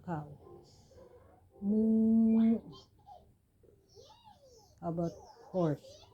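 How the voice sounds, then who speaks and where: A woman's voice: lowish voice, slow pace, phone-quality sound, a little hiss or hum. A woman, a parent talking to her toddler at home in coaxing, sing-song baby talk.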